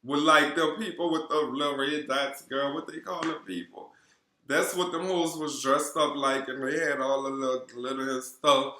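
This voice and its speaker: A man with a New Orleans accent doing a casual, profane gossip recap of a reality show, sassy and animated. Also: mid-range voice, normal speed. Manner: sassy, animated, swears constantly, calls viewers girl. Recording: roomy echo.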